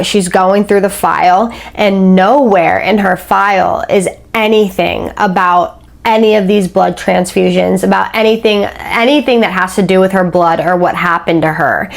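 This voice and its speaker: Chatty woman with a low voice. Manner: chatty, many "like" fillers, acts out quoted speech. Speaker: storyteller. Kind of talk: casual storytime retelling.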